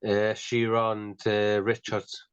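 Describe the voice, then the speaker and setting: A man's voice: lowish voice, monotone, slow, clean tone, dry recording, dull audio. A man with a Geordie accent co-hosting a podcast, in laid-back, joking casual chat. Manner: laid-back, laughing, swears. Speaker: podcast co-host.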